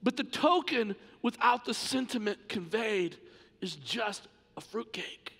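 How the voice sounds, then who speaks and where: Male pastor, impassioned sermon delivery, raspy-edged, reverberant sanctuary sound. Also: high-pitched, animated, measured pace, fairly bright tone. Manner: impassioned, emphatic preaching. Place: church sanctuary. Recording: long church reverb.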